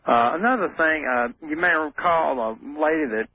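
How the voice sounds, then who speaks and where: A man's voice: on the high side, moderate pace. A man calling into a radio show who talks in a hesitant, chatty way with many fillers. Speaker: caller. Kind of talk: phoned-in radio call. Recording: muffled phone call on AM radio with faint noise.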